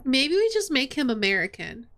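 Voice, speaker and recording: A woman's voice: high voice, very animated, moderate pace, a bit bright. A woman streaming a game, chatting and laughing at herself as she reads. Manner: chatty, self-mocking, laughing. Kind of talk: reading a visual novel aloud on stream.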